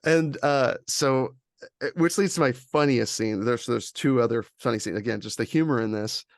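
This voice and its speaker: A man co-hosting a casual film chat, retelling scenes with excitement and laughter. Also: medium pitch, normal speed, dry recording, clean studio sound. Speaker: podcast co-host.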